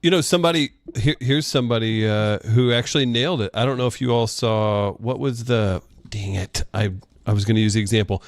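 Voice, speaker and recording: A man's voice: on the low side, fairly quick, no echo. A man who regularly joins the chat show, interjecting and steering the conversation. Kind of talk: casual chat.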